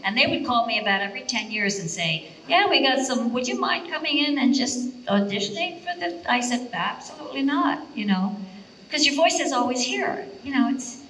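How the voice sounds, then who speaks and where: A woman trades wry jokes with fellow voice actors at a convention. Her tone is bright and sharp at a middle pitch, and she sits somewhat back from the microphone. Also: lively intonation, fairly quick, recorded from a distance, slight background noise. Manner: wry, joking. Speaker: voice actress panelist. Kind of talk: panel chat. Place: convention panel room.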